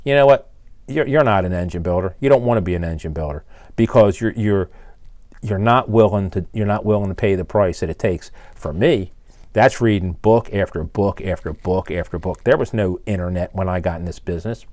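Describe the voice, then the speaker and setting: A blunt, exasperated older man scolds his audience in a fairly low voice. He rants straight to the camera, recorded close and dry. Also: brisk, a little mellow, no echo. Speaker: engine builder and channel host. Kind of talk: ranting to camera.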